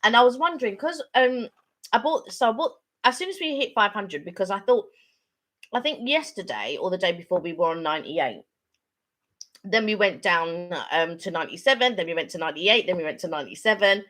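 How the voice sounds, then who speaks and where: A woman's voice: medium pitch, lively intonation, brisk, a bit bright. A middle-aged woman co-hosting a casual live-stream chat, rambling and chatty, laughing easily. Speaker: channel co-host.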